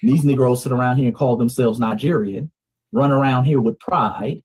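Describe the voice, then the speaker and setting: A man's voice: medium pitch, moderate pace, darkish tone, husky. A man with a Southern US accent hosting a commentary show, speaking emphatically and addressing viewers as family. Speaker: show host. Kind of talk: commentary on news clips.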